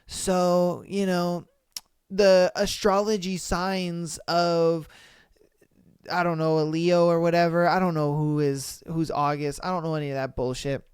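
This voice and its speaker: Slow-talking, exclaiming male podcast host. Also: a little high, little pitch movement, darkish tone, smooth, no echo, clean studio sound. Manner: exclaiming, slangy, calls listeners bro. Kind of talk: casual reaction commentary.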